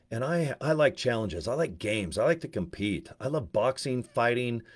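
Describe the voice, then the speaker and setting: A man's voice: lowish voice, darkish tone. A man giving a casual, rambling, blunt monologue to camera as an online business promoter.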